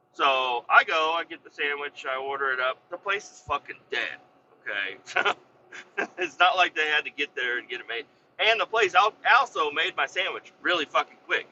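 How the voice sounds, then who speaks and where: A man's voice: fairly high pitch, muffled recording, slight background noise. A man casually telling a heated story, swearing a lot and getting worked up as he goes. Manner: heated, swears a lot, re-enacts his own yelling. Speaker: podcast host and business owner.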